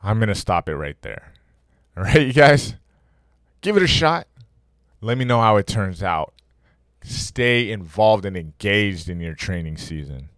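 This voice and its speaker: A man with a fairly low voice hosts a podcast, handing out fitness tips in a loose, energetic way. He talks directly to his listeners like a coach. The sound is dry and close, with no room around it. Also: unhurried, long pauses, dry recording. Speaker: podcast host. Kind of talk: casual fitness advice monologue.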